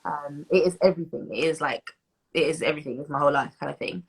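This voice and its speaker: A young British woman in her twenties speaks as an interview guest, her voice low and a little husky. She talks thoughtfully and loosely, circling back with fillers and restarts. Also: fast, rough recording. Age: 20s. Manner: reflective, many fillers and restarts, laughs as she tells stories. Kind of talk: interview conversation.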